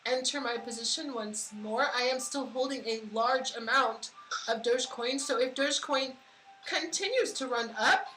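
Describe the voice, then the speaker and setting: A woman's voice: on the high side, normal speed, pushed and bright. An American woman hosting a casual crypto podcast, rambling and giggling with lots of fillers. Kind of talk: casual livestream chat. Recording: echoey room with faint noise.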